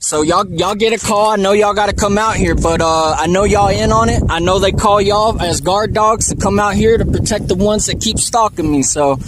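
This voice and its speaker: A man's voice: sits high, normal speed, few pauses, noisy background. A man at a remote outdoor camp arguing heatedly with a deputy, rambling, swearing and stammering over his words, filmed on a handheld phone. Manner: agitated, rambling, profane, stammers and repeats words. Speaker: vlogger filming a police encounter. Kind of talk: heated confrontation.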